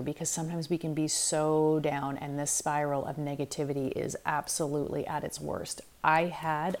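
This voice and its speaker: A middle-aged woman, a life coach hosting a solo self-help podcast, talking candidly and reflectively, sometimes acting out her own inner voices. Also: low voice.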